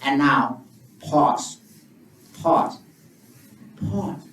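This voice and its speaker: A man with an Indonesian accent, a Buddhist monk guiding a meditation session in simple, repetitive English with long pauses. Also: medium pitch, animated, a bit bright, a little hiss or hum. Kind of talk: guided meditation teaching. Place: temple or meditation hall. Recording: roomy, distant mic with faint ambience.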